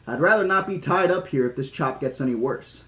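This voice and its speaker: Casting: man playing a slow-drawling dockhand. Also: a little high, a bit bright, close to an everyday voice. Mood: wary. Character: drawling male dock worker on a radio.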